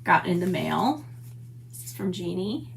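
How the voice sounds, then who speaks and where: A woman's voice: fairly low pitch, big pitch swings, unhurried, creaky, a little hiss or hum. A middle-aged woman hosting a papercraft livestream, chatty and gushing as she greets viewers by name. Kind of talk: casual livestream chat. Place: home stamp room.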